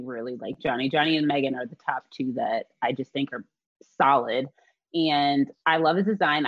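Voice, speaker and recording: An enthusiastic woman gushes as a panelist in a casual chat. Her voice is very low for a woman. The sound is dry and dull, like a lo-fi recording. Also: dry recording. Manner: enthusiastic, gushing.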